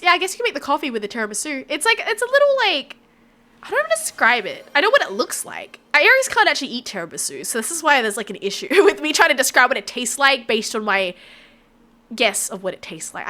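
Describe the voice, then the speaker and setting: A woman's voice: sits high, pushed and bright. A woman with an Australian accent chatting casually with her live-stream viewers, rambling and reacting to chat.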